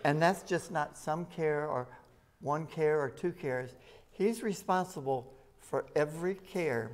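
A man preaching an evening sermon at a rescue mission, talking plainly to the congregation and reading scripture aloud with rising emphasis. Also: on the high side.

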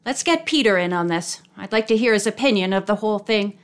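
Storybook teen boy who jokes and teases, voiced by a woman, a touch lower and quick. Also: animated, close to an everyday voice. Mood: teasing. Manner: teasing, brisk. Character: teenage boy Jimmy, joking and teasing.

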